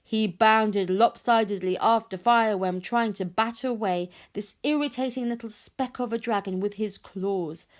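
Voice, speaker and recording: A woman narrates a children's adventure story in an expressive read-aloud style. She leans into the drama, swelling her voice at the exciting parts and easing off at the quiet ones. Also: mid-range voice. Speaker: audiobook reader.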